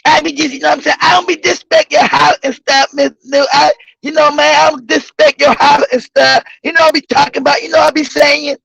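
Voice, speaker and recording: A man's voice: very high voice, steady tone, fairly quick, vocal fry, sharp tone, no echo, full character voice. A man mimicking a rambling, evasive young woman who repeats herself in a whiny, mumbling way. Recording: dull lo-fi recording.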